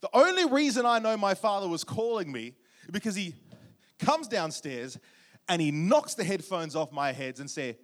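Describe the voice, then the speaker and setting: A man preaching a sermon, warm storytelling with jokes and questions to the congregation. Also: high-pitched, big pitch swings, normal speed. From Australia. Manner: humorous, audience-engaging storytelling. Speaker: guest preacher.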